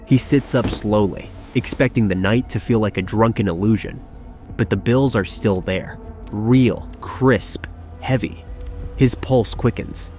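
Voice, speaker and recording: Low-voiced man narrating a tense documentary. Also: darkish tone. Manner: tense, measured storytelling with dramatic pauses. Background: background music.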